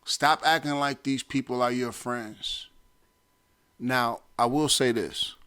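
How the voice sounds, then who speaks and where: A man's voice: medium pitch, steady tone, slow, sharp tone, smooth. A man hosting a talk show, giving blunt, streetwise advice and repeating his points for emphasis. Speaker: podcast host.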